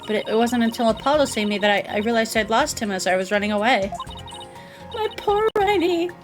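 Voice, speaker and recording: A woman voicing a shy, sweet young woman witness who speaks softly and gently. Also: fairly high pitch, expressive, brisk, over music, pitched above the performer's own voice, close to an everyday voice. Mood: wistful.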